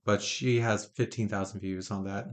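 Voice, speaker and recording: A man's voice: lowish voice, steady tone, moderate pace. A man hosting a casual podcast, eager and friendly as he asks his guest questions. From Alaska. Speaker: podcast host.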